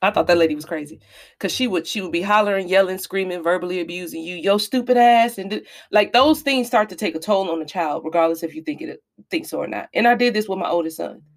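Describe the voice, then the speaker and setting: A woman in her thirties with a lowish voice talks fast as she hosts her podcast. She tells her own story candidly and emphatically, confessional in tone and speaking straight to her listeners.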